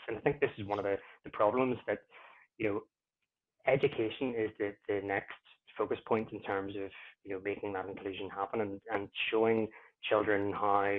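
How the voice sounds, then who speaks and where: Male podcast guest with a lowish voice, reflective and halting, on a thin phone-quality line. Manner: reflective, pausing often to find words. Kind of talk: casual interview conversation.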